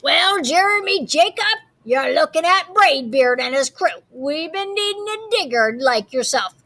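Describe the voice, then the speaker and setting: A woman voicing a loud, bossy male pirate captain with hearty pirate talk in a storybook reading. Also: high-pitched, expressive, unhurried, voice pushed up, full character voice. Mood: hearty shouting.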